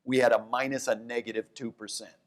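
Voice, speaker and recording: A man, an economics professor, talking economics onstage at a live event, animated, often restarting his sentences. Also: fairly quick. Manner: animated storyteller, jumps to high voices for quotes; restarts and self-corrections. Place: downtown event hall with live audience.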